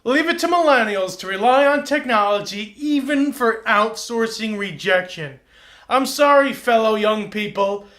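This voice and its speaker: A man's voice: extremely high pitch, pushed and bright. A man hosting a late-night comedy show, delivering a monologue of sardonic, self-mocking punchlines. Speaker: talk show host. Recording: echoey room with band music.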